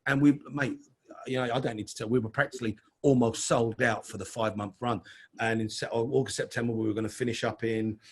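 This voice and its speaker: Husky chatty man. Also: mid-range voice. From London. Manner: chatty, calls the host mate. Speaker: interview guest. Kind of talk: casual storytelling.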